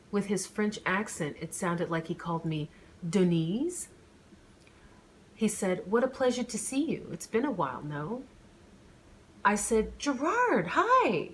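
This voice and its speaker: A woman reading a first-person romance audiobook in a measured, expressive storytelling manner. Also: on the low side, a little hiss or hum, rough recording. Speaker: audiobook narrator.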